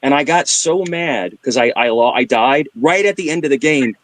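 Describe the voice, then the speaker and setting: A man's voice: mid-range voice, moderate pace. A middle-aged man telling funny stories in casual chat, full of sound effects and switching between voices. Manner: animated storyteller with vocal sound effects and voice switching. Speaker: livestream guest.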